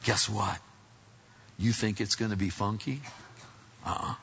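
A man preaching a sermon as pastor, in an animated, folksy way that swings between loud exclamations and hushed asides. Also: lowish voice, unhurried, a little hiss or hum. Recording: dull lo-fi sound.

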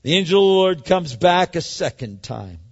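A man preaching a sermon in an animated way, swinging from loud, emphatic lines to hushed ones. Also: a little high, normal speed. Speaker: pastor. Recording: dull sound in a large hall.

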